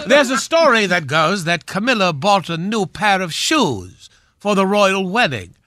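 Actor playing a haughty aging matinee swordsman, high voice, slow, bright and grand. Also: very animated, dry recording, heavily acted. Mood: pompous. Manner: grand, theatrical, drawn-out delivery. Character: pompous aging knighted male film swashbuckler. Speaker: guest. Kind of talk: radio comedy character bit.

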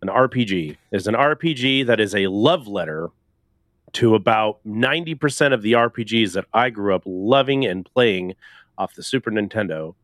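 A man's voice: lowish voice, lively intonation, normal speed, fairly bright tone, no room sound, clean studio sound. A man hosting a casual gaming podcast, rambling loosely and laughing often. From Canada. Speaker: podcast host.

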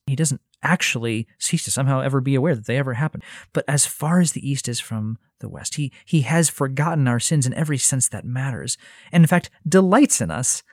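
A man's voice: mid-range voice, a little mellow, dry recording, studio quality. A man giving a conversational Bible teaching, earnest and thinking aloud, often restarting his phrases. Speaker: Christian teacher.

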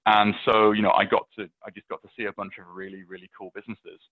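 A British man with a lowish voice tells stories casually, full of "um" and "you know" and restarted phrases. The sound is dry and thin, squeezed through a phone-like line. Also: level tone, quick pace, no echo. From England. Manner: chatty, many fillers and restarts, storytelling. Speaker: venture capitalist guest. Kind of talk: casual interview answers.

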